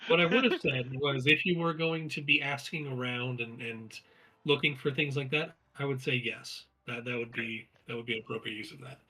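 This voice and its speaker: Male game master, husky and bright, hesitant narration. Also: medium pitch, moderate pace, rough recording. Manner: hesitant, searching for words.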